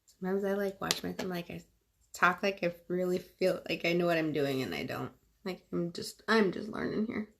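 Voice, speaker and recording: A chatty woman talking through a makeup livestream at home, full of fillers and loose asides. Her voice carries a clear creak and fry. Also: fairly low pitch, normal speed, fairly bright tone. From California. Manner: chatty, rambling, many "like"s and fillers. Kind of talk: casual livestream chat while applying makeup.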